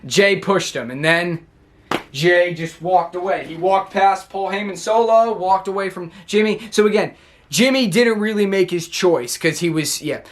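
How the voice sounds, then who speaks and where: High-voiced man rambling through a recap. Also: measured pace. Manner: rambling, talking his way through events. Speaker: wrestling show reviewer. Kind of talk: casual recap vlog.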